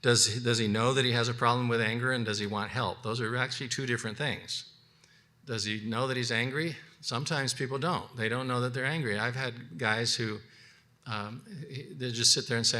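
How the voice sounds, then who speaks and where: A man's voice: medium pitch, fairly even intonation, sharp tone. A man teaching a biblical counseling class in a conversational way, with frequent restarts, acting out the counseling conversations he describes. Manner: conversational, acts out counseling dialogues; halting restarts and repeated words. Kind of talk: unscripted teaching session.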